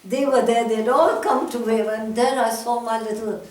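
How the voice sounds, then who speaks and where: Older woman reminiscing at a talk, voice a bit high, echoey hall, mic far off. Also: fairly even intonation, moderate pace. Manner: reminiscing, with frequent restarts and laughs. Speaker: guest speaker. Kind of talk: storytelling talk.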